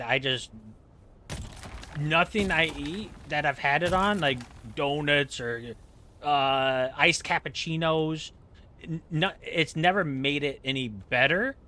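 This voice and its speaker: A man's voice: on the high side, pushed and bright. A man streaming a game, chatting casually in a rambling, self-mocking, joking way. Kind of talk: casual chat while playing.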